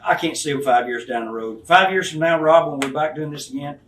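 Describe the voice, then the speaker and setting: Brisk and a bit bright, with a slightly high voice, a retired wrestler in his fifties gives a frank interview full of profanity, bluntly acting out the people he describes. Faint hiss and room echo from a distant mic are audible.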